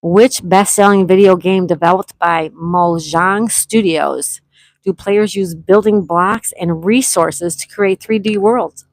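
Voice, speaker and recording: A woman runs a casual online quiz, calling out players' names and scores in a friendly, easygoing way. She reads each question twice at a measured pace. The sound is dry and close, with no room around her. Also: fairly low pitch, fairly even intonation, dry recording, low-quality recording. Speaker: trivia game host. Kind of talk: casual live-stream quiz hosting.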